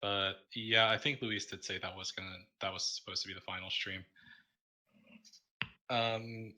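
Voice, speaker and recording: A man's voice: low voice, level tone, pushed and bright. Tired man closing a tournament stream. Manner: tired, halting, many fillers. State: tired, yawning. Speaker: tournament caster. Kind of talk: casual livestream wrap-up.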